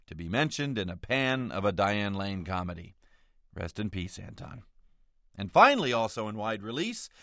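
Wry, expressive male radio commentator. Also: medium pitch, no echo, clean studio sound. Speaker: film critic roundup writer. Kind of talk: scripted comic radio commentary.

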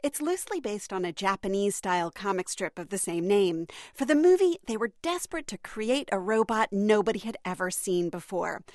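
A woman radio reporter reading a scripted news feature in a clear, measured way. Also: mid-range voice, sing-song, dry recording, studio quality.

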